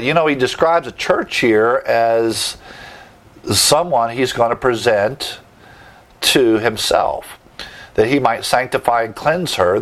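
A man preaching a sermon, teaching verse by verse with emphatic asides and rhetorical questions. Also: on the low side. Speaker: pastor.

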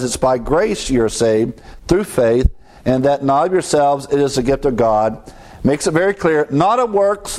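A man's voice: mid-range voice, a little mellow, rough recording. A man preaching a sermon, explaining scripture and asking his listeners questions before he answers them himself. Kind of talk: sermon teaching with illustrations.

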